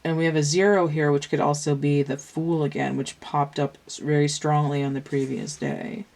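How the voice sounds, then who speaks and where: A woman with a low, deep voice reads tarot cards in a casual, unscripted way. She thinks aloud as she goes, wandering and restarting her sentences. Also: flat delivery, normal speed, vocal fry, a little mellow. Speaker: tarot reader. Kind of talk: casual tarot reading talk.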